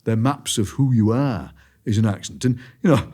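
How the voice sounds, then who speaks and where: A man with a Barnsley Yorkshire accent, a poet chatting as a podcast guest and telling lively anecdotes. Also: lowish voice, moderate pace. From Barnsley, England. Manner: lively, storytelling, drops into quoted voices. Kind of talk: casual conversation.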